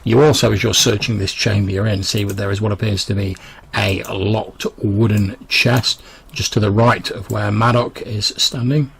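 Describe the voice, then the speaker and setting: Male game master, low gravelly voice, rambling narration with lots of "like"s. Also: fairly even intonation, moderate pace, fairly bright tone, rough recording. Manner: rambling, full of restarts and "like".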